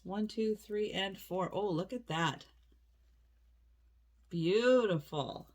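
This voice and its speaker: On her vlog, a woman who resells items unboxes a parcel and chats casually, exclaiming and gasping over each thing she pulls out. She speaks slowly, with plenty of oohs, in a medium-pitched, slightly mellow voice.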